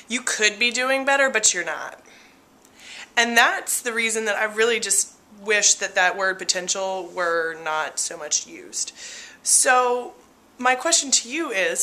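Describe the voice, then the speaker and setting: Bright, stuffy-nosed woman coaching the viewer. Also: medium pitch. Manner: candid and emphatic, coaching tone. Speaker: host. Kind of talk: motivational video talk.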